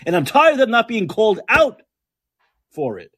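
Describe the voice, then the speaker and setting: Husky, profane man ranting. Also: high voice, sing-song, moderate pace, bright, forceful tone. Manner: angry, profane, sarcastic ranting. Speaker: podcast host. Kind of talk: ranting political commentary.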